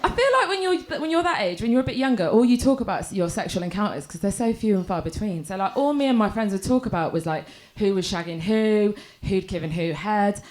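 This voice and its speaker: A woman's voice: mid-range voice, animated, brisk, few pauses, darkish tone. A young woman performing a stand-up set on a comedy club stage, telling crude, self-mocking stories with lots of "right?" tags.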